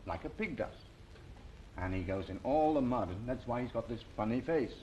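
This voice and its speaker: A man presenting a children's TV show, talking gently and slowly to young viewers and coaxing them to join in. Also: mid-range voice, animated, lo-fi sound, a little hiss or hum. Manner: slow, coaxing, sing-song, invites the viewer to join in. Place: television studio.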